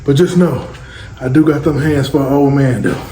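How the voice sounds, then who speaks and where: In a cramped, dusty basement at home, a family-vlogging dad talks casually to camera, loose and rambling as he speaks straight to his viewers. His mid-range male voice moves at a moderate pace, and the audio is echoey with heavy background noise.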